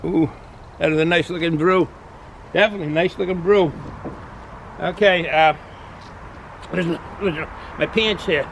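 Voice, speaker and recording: Casual Boston-accented guy, a bit high-voiced, rambling outdoor beer review over clear traffic noise. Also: fairly even intonation, a little slow, long pauses, fairly bright tone, poor audio. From New England, US. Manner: rambling, chatty, repeats himself with frequent fillers. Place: outdoors in cold weather.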